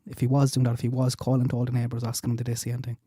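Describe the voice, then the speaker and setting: A male host chats casually with his panel and passes along viewer comments. His voice is very dark and mellow, recorded with a completely dry sound. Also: mid-range voice, monotone, rapid-fire, breathy edge, no room sound. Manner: chatty, reads viewer comments. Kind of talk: casual chat.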